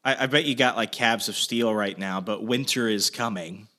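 A man hosting a casual chat, telling a story with lots of swearing and shouted quotes. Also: fairly low pitch, normal speed. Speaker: host.

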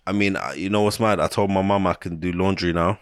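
A young man in his twenties with a London accent, co-hosting a casual podcast chat and telling animated, slangy stories. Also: deep voice, fast, smooth, dry recording, clean studio sound. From England. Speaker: podcast co-host.

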